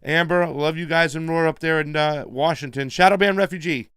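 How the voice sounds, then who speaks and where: A man's voice: on the high side, fairly quick, a bit bright. Slangy, swearing man co-host. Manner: loose, slangy, swears, reads viewer messages. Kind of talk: casual political commentary.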